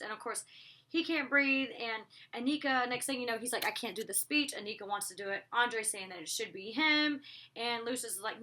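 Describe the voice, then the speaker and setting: A woman's voice: on the high side, brisk, bright, forceful tone. A young woman recapping a TV episode in a casual, gushing vlog, acting out the characters' lines as she goes. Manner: gushing, chatty, acts out characters' lines with voices.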